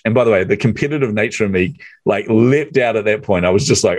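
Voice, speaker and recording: A man hosting a podcast, telling a story in casual chat, acting out quotes with lively animation and laughing often. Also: medium pitch, fast talker, no room sound.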